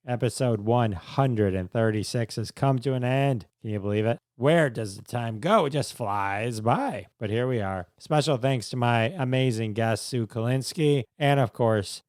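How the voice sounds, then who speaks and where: A man hosting a podcast, upbeat and jokey, running a hashtag game and sign-off, his voice going a little hoarse. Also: a little mellow, dry recording, clean studio sound. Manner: upbeat, jokey, jumps high in pitch on exclamations. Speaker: podcast host. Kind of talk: casual podcast wrap-up and hashtag game segment.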